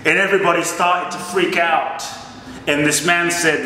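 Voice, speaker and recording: A man's voice: a little high, fairly even intonation, moderate pace, pushed and bright, very echoey, long reverb tail, distant mic, a little hiss or hum, rough recording. A man giving an impassioned motivational speech and telling a story as a life coach.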